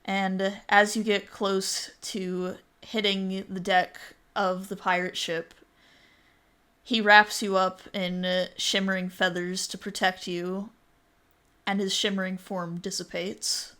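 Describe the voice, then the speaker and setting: A woman running a tabletop game as game master, narrating scenes in a relaxed, descriptive way and calling for rolls. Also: mid-range voice. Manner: unhurried, descriptive, calls for rolls.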